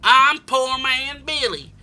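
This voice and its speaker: Slow-talking man with a wobbly put-on accent. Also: very high-pitched, sharp tone, clean tone, faint music behind. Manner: rambling, joking in a shifting put-on accent. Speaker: gaming channel host. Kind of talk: comic game playthrough reading.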